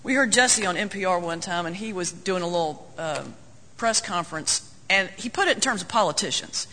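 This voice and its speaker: A man's voice: high-pitched, expressive, brisk, bright, forceful tone, a little hiss or hum. A man preaching a sermon as a folksy, joking storyteller. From North Carolina, US. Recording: long hall reverb.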